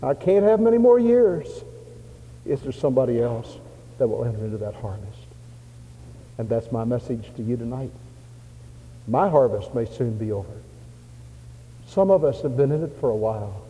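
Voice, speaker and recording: A man preaching a sermon in a church, in an old-fashioned revival cadence, rising to loud fervent cries and dropping to soft pleas. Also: mid-range voice, normal speed, long pauses, in a large hall, slight background noise, rough recording. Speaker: pastor. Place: church sanctuary.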